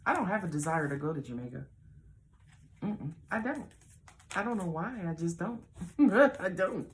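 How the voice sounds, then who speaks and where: A woman with a Southern US accent giving a casual tarot reading, blunt, animated and full of cursing. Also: mid-range voice, a little hiss or hum. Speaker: tarot reader.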